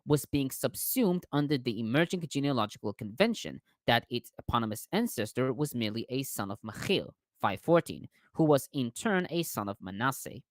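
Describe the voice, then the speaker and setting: A man reading out scholarly commentary on a text, careful and measured, stumbling now and then on long words. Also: medium pitch, no echo, studio quality. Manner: careful reading with small restarts on hard words.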